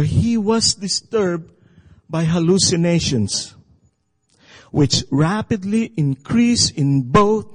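Male preacher, high voice, unhurried sermon delivery, long hall reverb. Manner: halting, calls for amens. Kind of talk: sermon with storytelling.

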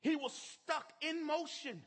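A man's voice: extremely high pitch, slow. A middle-aged man preaching a sermon in church, telling a story emphatically. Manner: emphatic storytelling, rising to shouts.

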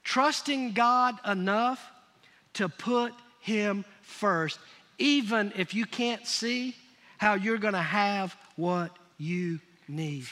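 A male pastor with a very high, bright and forceful voice delivers an emphatic sermon. He keeps pressing his listeners to answer him aloud. His words ring out with the long reverb of a large church hall. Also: takes it slowly. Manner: emphatic, prods the congregation to call out answers.

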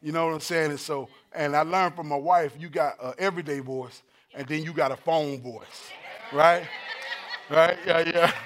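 A male preacher with a high, bright-pitched voice works through a sermon. He tells stories with laughter and acts out the quotes. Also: moderate pace. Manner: animated, laughing storyteller who acts out quotes. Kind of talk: sermon with personal storytelling.

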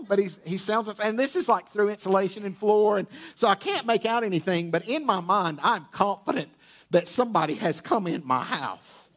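High-voiced man telling a funny sermon story. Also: husky. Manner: humorous, animated storytelling with many restarts. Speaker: pastor. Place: church auditorium with sound booth.

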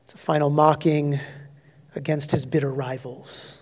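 A male pastor preaching an expository sermon, emphatic, swinging between loud declarations and hushed, near-whispered asides. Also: on the high side, level tone, a little slow.

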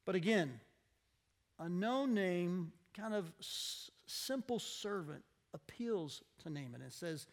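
A man's voice: high voice, expressive, slow. A man preaching a conversational sermon, telling a Bible story expressively and acting out the people in it.

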